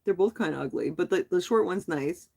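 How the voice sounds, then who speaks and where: A woman vlogger talking casually on a live stream, telling a story in a rambling, animated way with frequent restarts. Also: on the low side, a little fast, gravelly. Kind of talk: casual chat.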